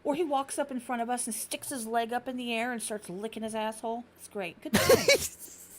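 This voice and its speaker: A woman's voice: on the high side, normal speed, slight background noise. A woman in her thirties, hosting a podcast, telling stories in casual chat and swearing freely. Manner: animated storyteller, swears freely. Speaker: podcast host.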